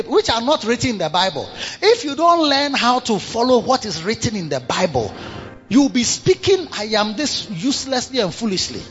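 High-voiced preacher, emphatic. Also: male voice, highs cut off. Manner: emphatic, repetitive, swinging between low murmurs and loud outbursts. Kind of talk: sermon.

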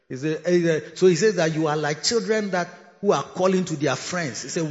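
A man with a Ghanaian accent preaching a sermon, animated, laughing and rising to shouts. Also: fairly high pitch, normal speed. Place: large church hall. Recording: echoey hall, dull lo-fi sound.

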